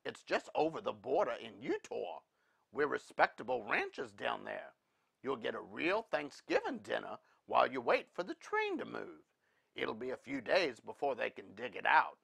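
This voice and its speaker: A man voicing a frontier rancher who speaks gently in a drawl. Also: medium pitch, huge pitch swings, normal speed, vocal fry, breathy edge, exaggerated voice. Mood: calm.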